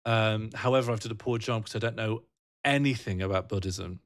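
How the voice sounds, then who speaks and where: A man's voice: on the low side, brisk, dry recording, clean studio sound. Joking man rambling on livestream. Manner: rambling, joking, laughs often, answers chat. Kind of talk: casual livestream chat with viewers.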